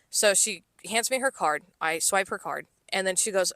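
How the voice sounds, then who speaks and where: Woman, podcast co-host, casual storytelling, bright tone, close dry mic, swears freely. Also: medium pitch, moderate pace, few pauses, no echo. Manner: swearing, animated retelling with quoted voices.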